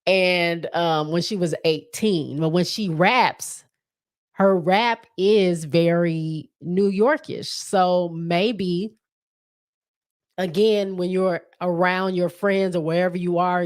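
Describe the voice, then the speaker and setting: A woman's voice: on the low side, fairly even intonation, slow pace. A woman hosting a solo podcast, chatting casually and thinking aloud with frequent restarts. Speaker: podcast host.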